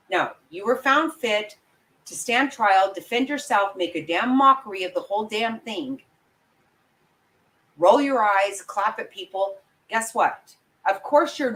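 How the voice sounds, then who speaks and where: With a fairly bright, medium-pitched voice, a woman vlogs angry and blunt live commentary, cursing as she addresses her viewers directly. The audio quality is poor.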